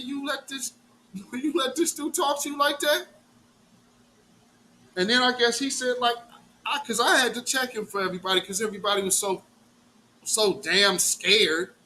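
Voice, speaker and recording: Middle-aged male host; bright, forceful delivery, rowdy profane storyteller. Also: high voice, a little hiss or hum. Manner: animated, profane, acts out quotes. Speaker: live show host. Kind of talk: casual storytelling rant.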